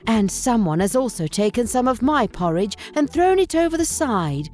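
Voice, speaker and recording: A woman voicing a mother bear in an even middle voice, in a storybook reading. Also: fairly high pitch, moderate pace, faint music behind, pitched above the performer's own voice. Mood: indignant. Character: mother bear, calm and measured.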